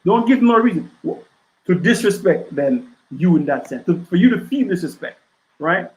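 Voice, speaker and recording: Man guest on a podcast, kinda high voice, keeps hammering points with "right?", echoey room sound. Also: lively intonation, moderate pace, a little mellow. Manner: emphatic, rhetorical questions, tags with "right?". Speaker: author and interview guest. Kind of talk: casual podcast interview.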